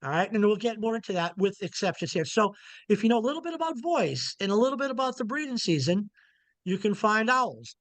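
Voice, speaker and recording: A man's voice: sits high, very animated, fairly quick, fairly bright tone, dry recording. A middle-aged man, an owl researcher, giving a casual, folksy online lecture that keeps returning to its key points. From Montana. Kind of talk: informal illustrated lecture.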